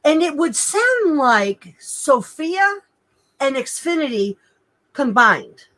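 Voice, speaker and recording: Woman telling a wild story, higher voice, gets worked up, oh my god every other line. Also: slow, poor audio. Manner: excitable, animated, lots of "oh my God" and "like". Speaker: podcast host telling a personal story. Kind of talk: casual storytelling chat.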